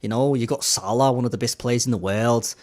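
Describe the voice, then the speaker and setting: A man's voice: medium pitch, a little mellow, lightly acted. A man voicing a proud lifelong Liverpool fan in a put-on Liverpool accent, bragging about his team. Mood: boastful. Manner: brash, rapid bragging delivery.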